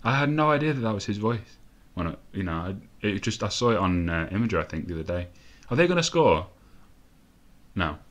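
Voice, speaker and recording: Young male gamer host, lowish voice, loose, excitable and profane play-by-play at his desk mic. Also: a little fast. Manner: sweary, excitable, rambling asides. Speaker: gaming let's-play host. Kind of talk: casual live game commentary.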